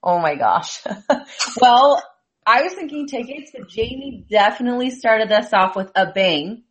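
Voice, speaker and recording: A woman's voice: fairly high pitch, lively intonation, measured pace. A woman hosting a casual chat, reacting with amused exclamations and drawing out her words. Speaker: host.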